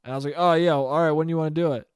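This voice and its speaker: A man's voice: a little high, steady tone, racing, smooth, dry recording, studio quality. A young man hosting a solo podcast, ranting in a profane, rambling way and acting out quotes in mock voices. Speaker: podcast host. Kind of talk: solo comedic rant.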